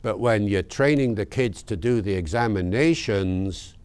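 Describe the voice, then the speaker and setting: A man's voice: fairly low pitch, measured pace, a little mellow, smooth. An older man speaking to teachers in a conversational lecture, emphatic and full of asides. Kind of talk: lecture-style talk to teachers.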